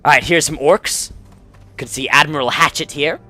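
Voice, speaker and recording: A man's voice: on the high side, moderate pace, sharp tone, faint music behind. A man, the host, giving chatty, rambling commentary over his gameplay and correcting himself often. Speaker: let's play host.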